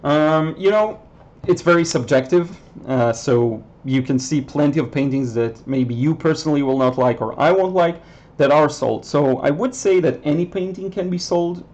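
Relaxed man on a dull stream. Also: fairly high pitch, normal speed. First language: Hebrew. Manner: relaxed, answers chat questions with many ums and uhs. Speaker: watercolor artist hosting a livestream. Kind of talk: casual live chat while painting.

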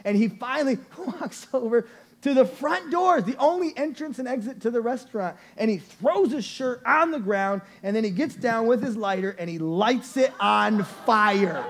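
Man, pastor, high voice, lively storytelling sermon, laughs often, church congregation. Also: normal speed, a faint crowd. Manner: animated, playful storyteller who laughs often. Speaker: lead pastor. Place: church service before a congregation.

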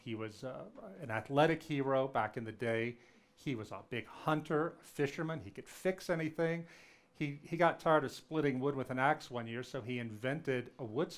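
A middle-aged man raised in Louisiana tells a personal story from the lecture stage. His voice sits at an ordinary pitch, and he talks in a loose, anecdotal way. He perks up when he quotes people and often restarts his sentences with an um. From Louisiana, US South. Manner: anecdotal, animated when quoting, frequent ums and restarts.

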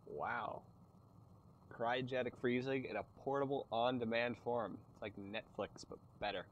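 A man's voice: mid-range voice, fairly even intonation, a little slow, dull audio. A man gives casual let's-play commentary as he plays, joking crudely and sarcastically. His voice sits in the middle of the male range. There is constant noise behind him. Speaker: gaming channel host. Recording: noisy background.

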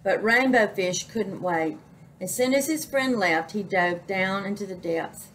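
A woman reading a children's picture book aloud as a librarian, slow and expressive. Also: mid-range voice, a little hiss or hum, poor audio. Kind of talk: children's story read-aloud.

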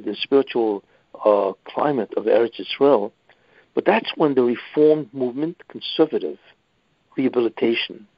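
A rabbi giving a weekly lecture in an emphatic manner, often adding "you see". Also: male voice, medium pitch, no echo. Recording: dull lo-fi dry recording.

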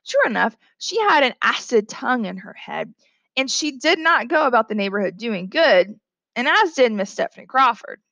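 A woman teacher reads a novel aloud in a fairly high, animated voice, swinging her pitch as she moves between the characters. She pauses now and then to explain a line to her class. The recording is close and dry, with no room sound. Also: vocal fry, dry recording. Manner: reads dialogue with lively pitch jumps, stops to explain. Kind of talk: classroom read-aloud with commentary.

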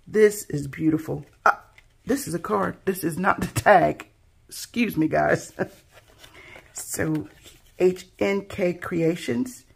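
This craft channel host has a husky, slightly gravelly voice, pitched lowish, and she speaks slowly with long pauses. Unboxing handmade craft pieces, she talks softly to her viewers, gushing over every detail in a relaxed, casual manner. Her words trail off into quiet, admiring awe.

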